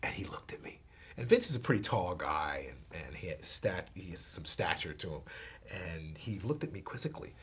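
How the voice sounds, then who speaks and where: A man, an actor, telling a story in an interview, halting and repeating words, sometimes dropping to a hush. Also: low voice, very animated, a little hiss or hum.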